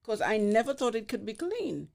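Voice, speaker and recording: A woman in her sixties, a podcast guest, telling lively stories and acting out the voices in them. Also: on the high side, normal speed, gravelly. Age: 60s. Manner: animated, acts out voices in her anecdotes. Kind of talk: storytelling in conversation. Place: studio beside a barbershop.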